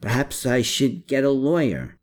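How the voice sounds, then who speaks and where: A slippery, sardonic lawyer under questioning, put on by a male audiobook reader, his voice pitched higher than the reader's own and swinging up and down a lot. He fends off every question with dry, defensive quips. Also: big pitch swings, unhurried. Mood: wry, defensive.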